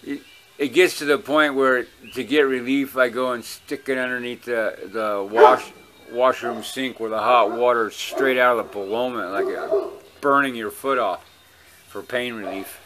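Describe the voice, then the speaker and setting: A man's voice: medium pitch, fairly even intonation, moderate pace, fairly bright tone. A man with a Hawaiian accent talking casually to his viewers at home, rambling, blunt and profane. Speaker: vlogger.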